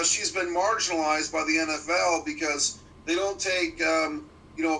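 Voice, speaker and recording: High bright guy asking meandering questions, sounds far from the mic with faint hum behind. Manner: rambling questions full of fillers. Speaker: podcast co-host. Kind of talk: casual chat. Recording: distant mic with faint room noise.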